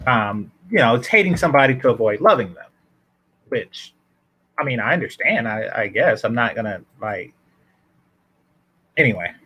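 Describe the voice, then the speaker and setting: A man's voice: mid-range voice, animated, normal speed, pauses often, sharp tone, slightly rough. A man hosting a casual reaction commentary, breaking into sarcastic, exasperated asides between clips.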